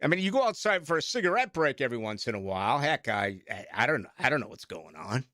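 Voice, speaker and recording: A man's voice: mid-range voice, sing-song, quick pace, bright, forceful tone, no room sound, studio quality. A middle-aged man with a Boston accent, hosting late-night sports talk radio in a rambling, self-mocking way.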